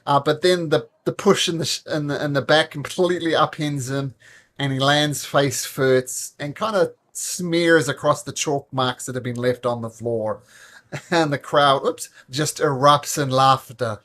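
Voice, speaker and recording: A man narrating a tabletop game as game master, animated and laughing, with many restarts. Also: fairly high pitch, measured pace.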